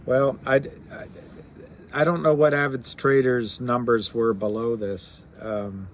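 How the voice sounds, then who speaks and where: Male stream host, unhurried and rambling, reads numbers aloud, faint ambient noise. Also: medium pitch, fairly even intonation. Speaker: livestream host talking stocks. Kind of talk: casual live-stream chat.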